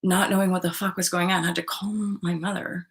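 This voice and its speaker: Candid woman livestreaming, sudden loud outbursts. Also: fairly low pitch, flat delivery, a little fast. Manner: candid, swears freely, reads out viewer comments; loud outbursts when retelling events. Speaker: livestream host reading tarot. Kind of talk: casual livestream chat.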